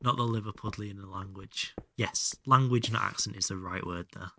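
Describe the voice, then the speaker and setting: A man talks over his gameplay stream in a casual, joking way, reading and answering his chat. His voice sits a little low but has a bright, forward edge. Now and then he drops to a mutter under his breath. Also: moderate pace, vocal fry, slight background noise. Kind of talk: casual live-stream chat while gaming.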